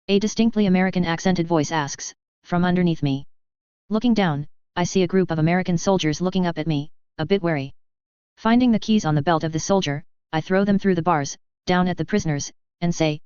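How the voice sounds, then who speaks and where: Brief: woman narrator, fan fiction audiobook, very smooth voice, dry slightly dull recording. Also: on the low side, a little fast, a little mellow, no echo. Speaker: audiobook reader.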